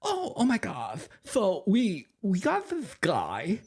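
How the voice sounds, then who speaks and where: A man putting on a mocking, giggly, drawn-out high woman's voice. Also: wildly swooping pitch, darkish tone, slightly rough, heavily acted. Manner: breathless, giggly, drawn-out mimicry. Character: mocking high-pitched woman gushing about her documentary.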